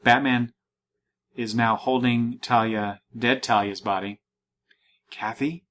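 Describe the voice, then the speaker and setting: A man's voice: mid-range voice, fairly even intonation, measured pace, fairly bright tone. A man in a mid-range voice hosts a comic book podcast. He meanders, restarts his sentences and reads the panels aloud. It sounds like casual, unscripted chat. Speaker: podcast host.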